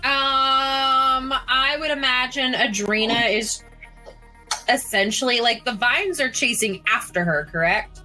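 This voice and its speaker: A woman playing a tabletop game, animated and playful. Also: high voice, slow pace, soft background music, poor audio. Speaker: player.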